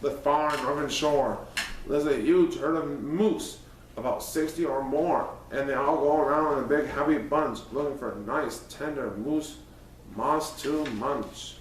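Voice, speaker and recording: A man's voice: on the high side, a little slow, a little hiss or hum. A man in a playful cat persona reads a rhyming picture book aloud in a sing-song way. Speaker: storyteller in a cat costume persona. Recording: roomy, distant mic, faint ambience.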